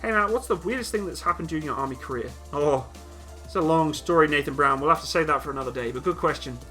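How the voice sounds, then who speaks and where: A young man from Britain hosts a casual live question-and-answer stream, reading viewers' comments aloud and answering them in a blunt, teasing way. His voice sits a little high for a man and comes across bright and forceful. Faint music plays quietly behind him. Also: quick pace. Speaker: livestream host answering chat questions.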